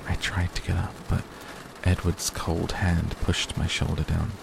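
A man reading a novel aloud in steady first-person narration. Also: low voice, unhurried, gravelly, noisy background. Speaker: audiobook reader.

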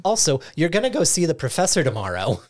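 Podcast host, casual chat, animated storytelling, acts out lines, mid pitch. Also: quick pace. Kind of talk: casual chat recapping a show.

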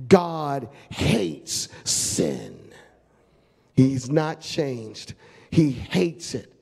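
A man's voice: medium pitch, wildly swooping pitch, extremely slow, gravelly, a little mellow, husky. A male pastor preaching a fervent, emphatic sermon, telling a story with feeling.

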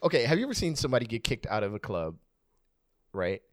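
A man co-hosting a podcast in casual chat, laughing often and telling stories with lively quoted voices. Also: mid-range voice, fast, no echo, clean studio sound. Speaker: podcast co-host.

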